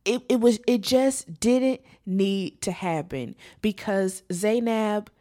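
A woman co-hosting a podcast, ranting in a sassy, profane, animated way about a reality show. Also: mid-range voice, slow pace. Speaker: podcast co-host. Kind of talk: casual chat.

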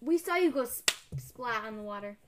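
High insistent woman player. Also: lively intonation, moderate pace, crowd noise. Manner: insistent, explaining. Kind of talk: in-character tabletop play.

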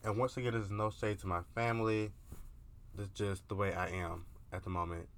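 A man's voice: fairly low pitch, level tone, moderate pace. A young man vlogging in a candid, casual confessional monologue, profane and peppered with filler words.

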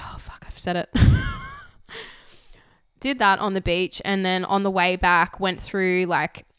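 A young woman hosts her podcast in a loose, candid ramble, swearing freely. Her voice is very clear but slightly croaky from recent illness. The recording is dry and close, with no room sound. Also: on the low side, a bit bright, dry recording. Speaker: podcast host. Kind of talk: casual chat.

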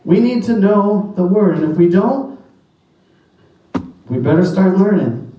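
Unhurried and animated, a pastor with a high-pitched voice preaches emphatically in a church sanctuary, reciting scripture in old-fashioned wording. The audio is dull with a little hiss or hum, recorded from afar in a very echoey hall.

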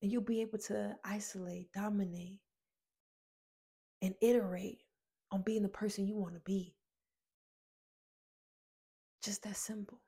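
Earnest female motivational speaker with a gravelly, mellow voice, telling a personal story to the crowd. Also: medium pitch. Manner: earnest and emotional, addresses listeners as friends, repeats phrases.

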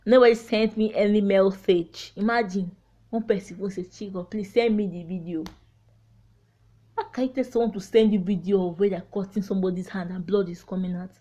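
A woman's voice: medium pitch, fairly even intonation, a little fast, dark tone, dull audio. A woman with a Nigerian accent hosting a solo podcast, talking heartfelt and frank, laughing through painful topics. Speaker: podcast host. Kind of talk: candid solo podcast monologue.

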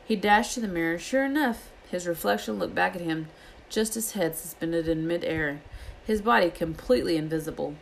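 Low-pitched woman reading a story aloud with lively character voices. Faint background noise. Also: normal speed, creaky, few pauses, low-quality recording. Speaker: reader.

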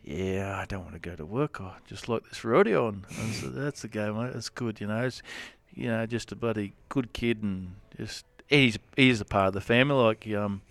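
Rambling Australian cowboy, smooth voice. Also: male voice, lowish voice, moderate pace, few pauses, a bit bright, no echo. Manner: rambling, lots of "you know" and restarts. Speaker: rodeo cowboy guest. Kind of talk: casual storytelling interview.

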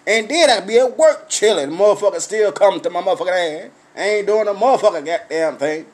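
A man telling a story as a blunt, animated comic rant, swearing constantly and breaking into laughs. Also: high-pitched, brisk.

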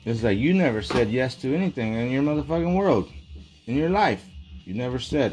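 A man's voice: mid-range voice, animated, brisk, a little mellow, slight background noise. A man delivering a rambling, profane, agitated monologue in casual talk.

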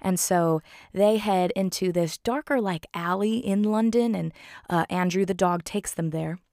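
A woman's voice: lowish voice, unhurried, darkish tone, no echo, clean studio sound. A woman casually retelling a film scene by scene, chatty and giggling often.

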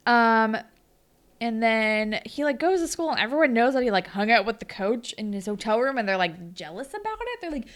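Bubbly high-voiced woman podcast co-host. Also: moderate pace. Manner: animated retelling, swears, acts out characters' lines. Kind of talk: casual episode recap chat.

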